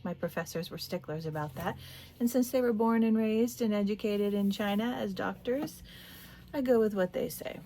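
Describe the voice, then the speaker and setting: A woman in her late thirties giving a tarot reading, talking in a meandering, soft-spoken way with little laughs. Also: mid-range voice, moderate pace, slight background noise. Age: late 30s. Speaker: tarot reader. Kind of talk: casual spiritual talk to camera.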